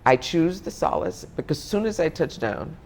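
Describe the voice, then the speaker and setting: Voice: medium pitch, big pitch swings, normal speed, a little hiss or hum. Reflective interview guest, searching for words. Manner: thoughtful, searching for words, frequent restarts.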